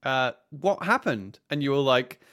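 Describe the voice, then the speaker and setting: A British man chats on a podcast, retelling a live role-play weekend with lively quoted voices and plenty of restarts. His voice sits at an ordinary middle pitch. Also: a little slow. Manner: animated storytelling, acts out quoted characters, frequent restarts. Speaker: podcast co-host. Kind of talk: casual chat recapping a live-action role-play event.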